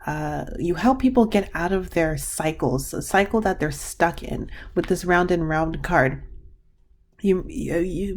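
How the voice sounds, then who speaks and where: A woman giving a pick-a-card reading to her viewers, rambling and gushing, with many restarts. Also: fairly low pitch. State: tearful. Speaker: tarot card reader.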